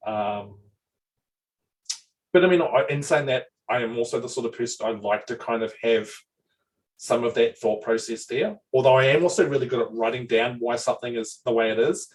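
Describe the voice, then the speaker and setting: A man talking casually about building his game world. He rambles along with a lot of restarts and swears freely. His voice sits at a middling pitch and sounds a bit distant from the mic. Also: moderate pace. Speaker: dungeon master. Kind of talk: casual chat.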